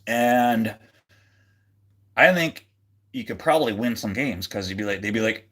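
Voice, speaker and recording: A man's voice: lowish voice, lively intonation, measured pace, a bit bright. A man hosting a casual livestream, rambling with lots of fillers and restarts and a jokey, goofy manner. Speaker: livestream host.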